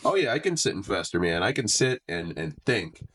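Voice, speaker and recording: Low-voiced man, rambling deadpan comic. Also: fairly quick. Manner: rambling, self-deprecating, deadpan jokes, drops low when musing. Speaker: comedian and podcast guest. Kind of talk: casual podcast chat.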